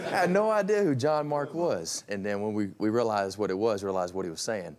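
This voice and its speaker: A former college quarterback speaking softly about his old coach, warming up as he tells funny stories. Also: on the low side, expressive, brisk, in a large hall, a crowd in the background. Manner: soft-spoken, warming into laughter. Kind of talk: casual reunion storytelling.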